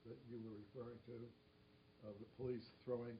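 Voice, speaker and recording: A man asking a follow-up question at a public discussion, speaking in a measured, halting way with many restarts. The recording is dull and lo-fi with a faint rumble. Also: little pitch movement, slightly rough. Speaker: audience questioner, senior advisor.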